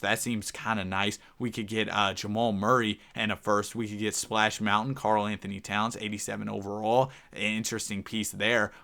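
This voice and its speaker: A young man giving casual, rambling commentary over a basketball video game, talking fast and addressing his viewers directly. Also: fairly low pitch, bright, forceful tone. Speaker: gaming YouTuber.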